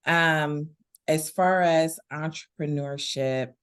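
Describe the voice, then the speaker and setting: A relaxed woman speaks as an interview guest, laughing easily as she talks. Her voice sits very low. She takes her time over every phrase. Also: slow pace, smooth. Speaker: guest, veteran business owner. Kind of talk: casual interview conversation.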